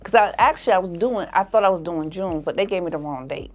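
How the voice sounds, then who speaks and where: A woman hosting a podcast tells a personal story in a lively way, acting out the people in it with laughter. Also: fairly low pitch, quick pace, soft background music. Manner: animated, acts out the people in her story with laughs. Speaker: podcast host.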